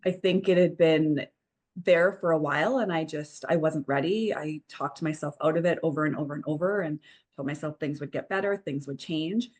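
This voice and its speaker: Woman in her 40s, lowish voice, earnest reflective podcast guest. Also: fairly even intonation, moderate pace, a little mellow. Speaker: divorce coach guest. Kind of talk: podcast interview.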